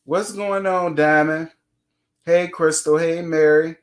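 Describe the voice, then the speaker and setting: A man's voice: fairly high pitch, fairly even intonation, slow. A man hosting a casual live stream, greeting chat viewers by name and giving blunt, sassy commentary full of swearing.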